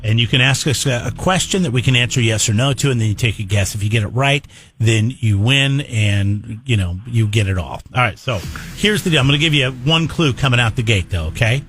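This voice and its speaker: A man with a mid-range voice hosting a radio morning show and taking callers. He talks in a playful, halting way, restarting his sentences often, with faint music playing behind him. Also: medium pitch, fairly bright tone. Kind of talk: casual on-air banter and call-in game. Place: radio studio.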